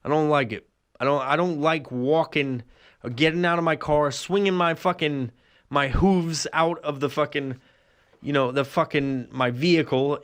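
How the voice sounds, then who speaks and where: A man hosting a rambling solo podcast, swearing constantly and ranting crudely, his voice jumping up during rhetorical questions. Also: smooth. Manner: profane, crude and animated, heavy swearing; jumps up in pitch when ranting rhetorical questions. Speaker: podcast host.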